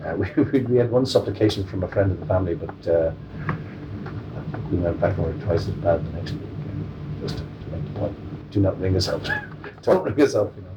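A comedian guest, an Irish man in his forties, rambles and jokes through an interview with many restarts. His voice is low-pitched and steady in tone at a normal speed, captured by a distant mic with a little faint noise.

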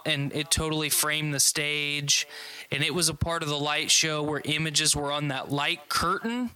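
This man's voice sits a little high and rings very bright. He talks in a loose, rambling way, swears freely and trips over his restarts as he chats. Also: smooth, rough recording. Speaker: concertgoer recapping a show. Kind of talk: casual chat.

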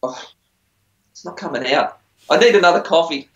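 A man's voice: on the high side, normal speed, fairly bright tone. A middle-aged man, a musician, telling stories in a rambling, chatty, self-deprecating way during a casual interview. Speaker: musician on a TV singing show. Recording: roomy, dull lo-fi sound.

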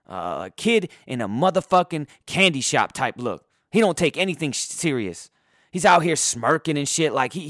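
A man's voice: no echo, clean studio sound. Heated, profane man ranting about sports. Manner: heated, profane, swings between loud outbursts and low muttering. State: voice going hoarse. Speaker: sports podcaster. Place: indoors.

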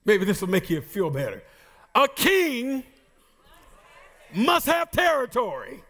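A man preaching a sermon as pastor, shouting and half singing his lines with playful asides to the congregation. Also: very high voice, wildly swooping pitch, takes it slowly.

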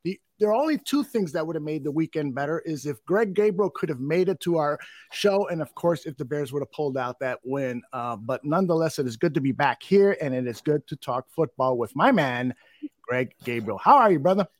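A man's voice: a little high, animated, brisk, no echo, studio quality. A man hosting a football podcast, chatting in an upbeat, storytelling way. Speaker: podcast host. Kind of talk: casual football talk.

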